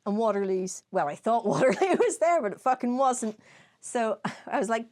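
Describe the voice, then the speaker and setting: A young adult woman co-hosting a casual podcast chat, an animated storyteller who swears freely and acts out her own past lines. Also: fairly high pitch, normal speed. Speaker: podcast co-host. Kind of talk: casual chat over whiskey tasting.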